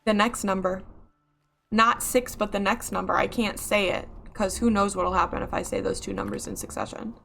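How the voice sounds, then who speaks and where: A woman streaming a video game, excitably yelling and swearing at enemies while talking to her chat. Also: medium pitch, normal speed, creaky, faint music behind. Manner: talks to herself and her chat. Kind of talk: live gameplay commentary.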